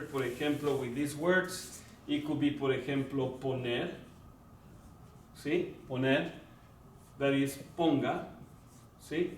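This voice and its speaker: A man gives a Spanish grammar lesson in a classroom lecture, his voice medium in pitch. He talks slowly and deliberately, repeats words, and checks in with listeners using "right?" and "okay?". The room is echoey, he sounds far from the mic, and there's faint background noise.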